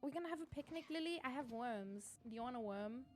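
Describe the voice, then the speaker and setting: Woman streamer, slightly high voice, loose casual chat with viewers, lots of swearing. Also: expressive, quick pace, darkish tone, soft background music. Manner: chatty, swears freely, laughs often. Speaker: game streamer.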